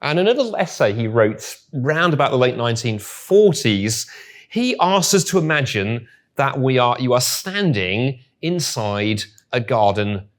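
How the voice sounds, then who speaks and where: A man's voice: medium pitch, very animated, a little slow. A man speaking to a live audience, telling a story with wry, humorous asides. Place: room with audience.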